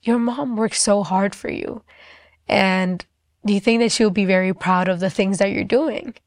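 A woman quoting a gentle, motherly woman who prays over people, speaking in a soft, hushed, coaxing voice. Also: mid-range voice, fairly even intonation, moderate pace, no echo, studio quality, natural voice. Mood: gently concerned.

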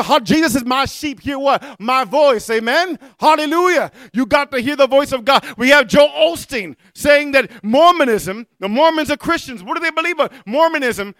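A man preaching a fiery sermon, stopping often to ask "amen?" and shouting his key words. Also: extremely high pitch, lively intonation, moderate pace, hardly any pauses, dry recording.

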